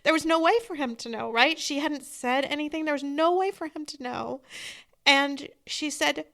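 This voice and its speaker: A woman podcast host telling a story in an earnest, steady conversational way. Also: high voice, moderate pace, creaky. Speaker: podcast host, bereaved mother.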